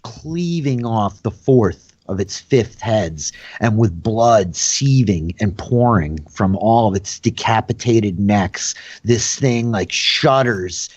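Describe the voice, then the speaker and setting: A man's voice: lowish voice, expressive, takes it slowly, hardly any pauses, darkish tone, slightly rough, no room sound. A man narrating a tabletop game as dungeon master, telling the scene loosely with plenty of fillers. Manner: loose, filler-heavy storytelling.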